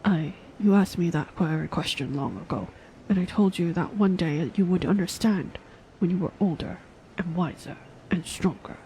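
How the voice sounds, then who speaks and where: A woman's voice: on the low side, moderate pace, dark tone, slight background noise, natural voice, low-quality recording. A woman voicing a solemn, regretful old male knight who mentors two young fighters. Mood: reflective.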